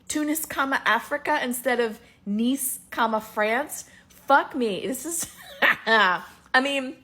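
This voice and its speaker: Woman, reaction rant, sarcastic, swears, slightly high voice. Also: takes it slowly, sharp tone. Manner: exasperated, sarcastic, swears freely. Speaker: commentator.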